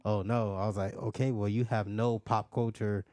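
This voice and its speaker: A man's voice: lowish voice, flat delivery, normal speed, a little mellow, no echo, clean studio sound. A man co-hosting a podcast, explaining his view in a laid-back casual chat. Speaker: podcast co-host.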